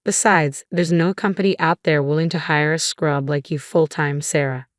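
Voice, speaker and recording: A contemptuous, domineering husband barks orders and insults, as a woman reading the story plays him. The voice sits low and deep, recorded dry and close with no room sound. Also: fairly even intonation, moderate pace, no echo, lightly acted. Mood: scornful. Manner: yelling, contemptuous. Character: bossy, insulting middle-aged husband.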